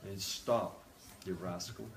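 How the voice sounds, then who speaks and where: A man voicing the goddess Radha in a sermon, a gentle, protective figure who fondly scolds eager devotees. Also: sits low, steady tone, takes it slowly, creaky, heavy background noise, voice pushed down, exaggerated voice. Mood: teasing. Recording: echoey room.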